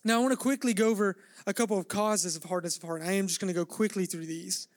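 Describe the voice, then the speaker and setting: A man's voice: high voice, steady tone, fast, no echo, clean studio sound. A male pastor preaching a midweek sermon, earnest and building in intensity, acting out the dialogue of scripture scenes.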